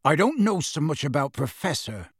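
A man voices a battle-worn old wizard who growls every word low and gruff. He barks short, clipped commands, always suspicious. It is a dry, close storybook reading. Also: big pitch swings, moderate pace, no room sound, heavily acted. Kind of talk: audiobook reading.

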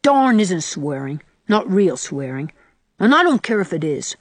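A woman's voice: lowish voice, big pitch swings, a little slow, no echo. A woman voicing a defiant, reckless little boy. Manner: reckless, indignant and boastful. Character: defiant scowling boy of about nine.

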